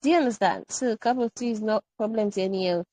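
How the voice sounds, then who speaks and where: A woman teaching an online English grammar workshop, animated and playful, drilling example sentences again and again. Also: mid-range voice, quick pace, dry recording, low-quality recording.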